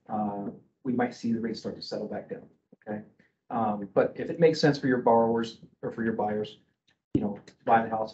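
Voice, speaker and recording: With a loud, mid-range voice, a middle-aged mortgage broker presents casually to a group, rambling through fillers and restarts and ending lines with "okay?". The recording has its highs cut off and slight background noise.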